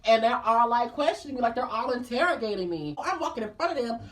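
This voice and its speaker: A woman's voice: fairly high pitch, fast talker, far from the mic. A woman vlogger telling a personal story in a casual, chatty way, calling her listeners girl and y'all, and acting out the people she talks about. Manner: lively, acts out the people in the story.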